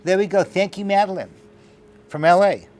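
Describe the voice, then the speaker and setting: A man giving a lively, joking class lecture to a live audience, talking straight to his listeners. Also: high-pitched, moderate pace.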